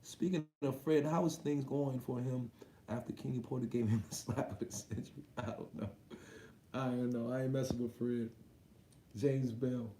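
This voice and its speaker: A man's voice: medium pitch, fairly even intonation, moderate pace, mellow, echoey room, slight background noise. A man hosting a boxing livestream, reading viewer comments aloud and reacting in loose, slangy, profane casual chat.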